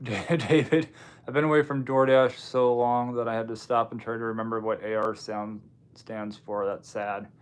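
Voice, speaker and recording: A man's voice: medium pitch, little pitch movement, moderate pace, smooth. A man hosting a casual livestream, reading viewer comments and answering in a loose, offhand way with dry asides. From Washington State, US. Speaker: livestream host.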